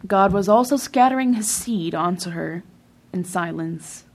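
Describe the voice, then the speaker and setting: A woman reading a translated sermon in a measured way, with emphatic pauses. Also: on the low side, expressive, darkish tone. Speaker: sermon reader.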